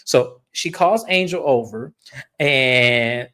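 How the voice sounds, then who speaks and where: A woman's voice: a bass voice, lively intonation, takes it slowly, fairly bright tone. A woman recapping a reality show in casual commentary, blunt and opinionated, swearing freely.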